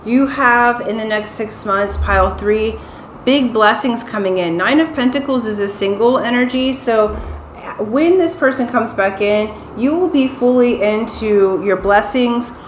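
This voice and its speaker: Woman giving a tarot reading, roomy echo. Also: a little high. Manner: unhurried, reassuring, often checks in with "okay?". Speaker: tarot reader. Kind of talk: pick-a-card tarot reading. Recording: roomy echo, faint ambient noise.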